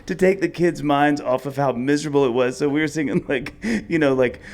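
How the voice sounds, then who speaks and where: A man's voice: a little high, a little fast. A man, co-hosting a live podcast and telling a rambling, self-mocking comic story. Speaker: podcast co-host. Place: outdoor festival stage.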